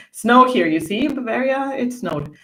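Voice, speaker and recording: A woman's voice: a little high, expressive, unhurried, bright, forceful tone. A woman co-hosting a casual livestream, chatting and reading viewer comments aloud from a home setup. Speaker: livestream co-host.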